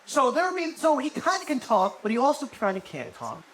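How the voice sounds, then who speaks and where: A man's voice: very high voice, big pitch swings, a little fast, fairly bright tone. A man in his twenties doing a live stand-up set, rambling and profane, laughing at his own jokes. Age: 20s. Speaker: stand-up comedian. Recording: noisy live venue recording.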